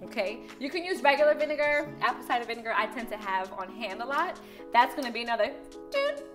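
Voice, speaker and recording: Her voice sits on the high side with big pitch swings and a quick pace as she hosts a casual cooking lesson at home. The young woman coaches her partner through a recipe in an upbeat, teasing way over background music.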